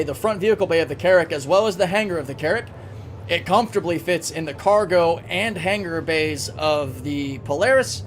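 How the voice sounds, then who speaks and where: A man's voice: fairly high pitch, slight background noise. A man live-streaming a game, chatting casually, thinking aloud and answering chat, with a recurring cough.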